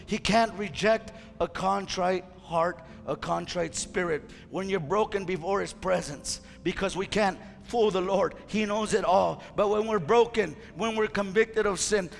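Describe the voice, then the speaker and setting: A male pastor preaching a fiery sermon to his church, whose impassioned delivery rises to shouts. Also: sits high, vocal fry. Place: church sanctuary. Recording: reverberant church hall with faint music.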